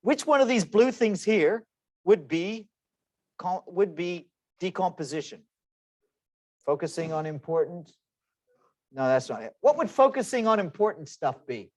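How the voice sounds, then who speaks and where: A man in his forties leads an online class, with a slightly high voice. He keeps the tone chatty and slips in self-deprecating jokes. His computer microphone gives a dry, close sound. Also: very animated, a little slow, pauses often, darkish tone, no room sound. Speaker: lecturer.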